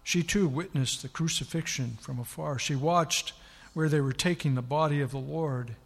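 A male preacher with a fairly high, husky voice retells scripture with dramatic emphasis. His sermon rings out with a long reverb, as in a large hall. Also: moderate pace.

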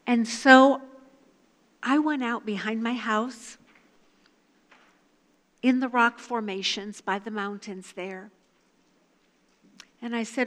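An older woman giving a devotional talk, reading scripture and telling a personal story in an earnest, measured way. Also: a little high, fairly even intonation, a bit bright. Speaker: devotional speaker. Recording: long hall reverb.

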